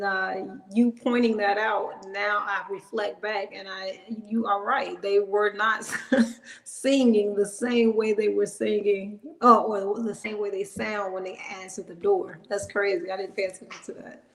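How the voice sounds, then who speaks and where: A woman's voice: medium pitch, fairly even intonation, measured pace. A woman co-reviewing a film in casual chat, mostly agreeing briefly. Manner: responsive listener, many short agreements.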